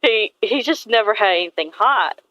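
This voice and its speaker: A woman's voice: mid-range voice, animated, normal speed, bright, forceful tone, muffled recording. A woman artist chatting casually and rambling about her characters, swearing now and then. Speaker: artist vlogger. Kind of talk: casual chat while drawing.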